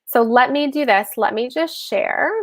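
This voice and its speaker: A woman's voice: high-pitched, measured pace. A woman hosting a casual livestream explainer on personal finance, chatty and self-correcting, often addressing her viewers as y'all. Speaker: host of a live personal-finance session.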